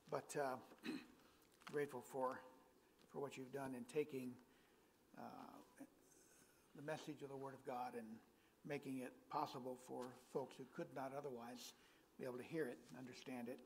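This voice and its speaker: Older preacher with a gravelly voice. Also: male voice, medium pitch, flat delivery, normal speed, long pauses, long reverb tail, slight background noise, rough recording. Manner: folksy, self-deprecating humor. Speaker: guest preacher. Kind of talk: sermon. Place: church.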